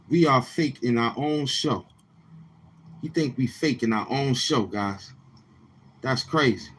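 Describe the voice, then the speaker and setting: A man hosting a live stream, mocking someone in a slow drawl with drawn-out hums. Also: mid-range voice, slight background noise, rough recording. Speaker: livestream show host. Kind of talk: trash-talking live stream commentary.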